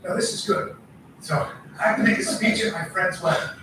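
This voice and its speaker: High-voiced middle-aged man, echoey room. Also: fairly quick, recorded from a distance, background noise. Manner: animated storytelling, swearing. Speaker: podcast co-host. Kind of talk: casual chat.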